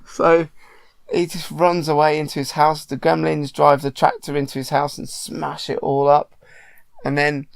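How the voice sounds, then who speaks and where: A father casually retelling a film to his child at home, chatty and animated with many ums. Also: medium pitch, creaky, clear, resonant tone, no echo. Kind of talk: casual storytelling.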